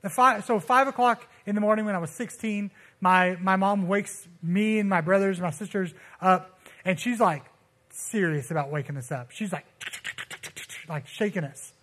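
A young man preaching in a relaxed, conversational way, his voice sitting high for a man. He tells stories with lots of slang and acts out the people he quotes. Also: moderate pace. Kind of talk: casual sermon.

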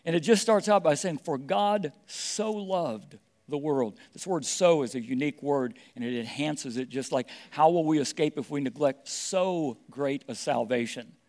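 A man's voice: on the high side, animated, normal speed, few pauses, a little mellow. A middle-aged man preaching a sermon, stressing his points and repeating key phrases. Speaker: pastor.

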